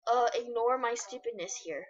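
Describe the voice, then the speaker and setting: A woman's voice: fairly high pitch, normal speed, lo-fi sound, slight background noise. A young woman chatting and giggling while she plays an online game and talks to her viewers. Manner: chatty and giggly, often laughs mid-sentence. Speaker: game video creator. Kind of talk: casual gameplay commentary. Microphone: computer screen recorder mic.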